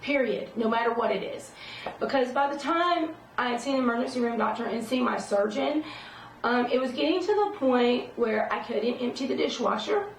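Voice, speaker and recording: A middle-aged woman with a gravelly, fairly high voice talks rambling and emphatic in a casual vlog, often asking "okay?". She sits some way from the mic in a roomy space, with faint ambience behind her. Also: lively intonation, moderate pace, a little hiss or hum. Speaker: vlogger. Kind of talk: casual personal talk to camera. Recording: roomy echo, distant from the mic.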